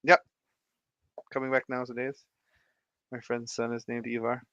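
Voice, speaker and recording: A man's voice: mid-range voice, completely flat delivery, moderate pace, bright, forceful tone, clean tone, dry recording, highs cut off. A man co-hosting a livestream, rambling and laughing as he chats. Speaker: livestream co-host. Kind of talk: casual chat.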